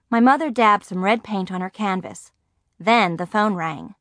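A woman reading a first-person audiobook aloud, telling the story in a lively, expressive way. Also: mid-range voice, normal speed, dry recording, studio quality. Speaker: audiobook narrator.

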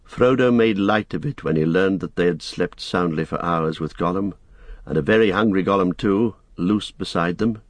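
A man reads a story aloud in a measured storytelling manner. His voice is very low and husky, with a lively, rolling pitch. The sound is dry and close-miked, with no room around it. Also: no echo. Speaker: audiobook narrator. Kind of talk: scripted narration.

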